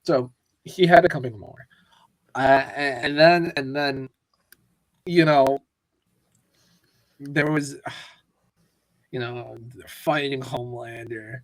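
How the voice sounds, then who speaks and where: In a dry recording, this podcast co-host speaks slowly in a steady, mid-range voice, pausing often. The chat is casual pop culture, and he rants profanely.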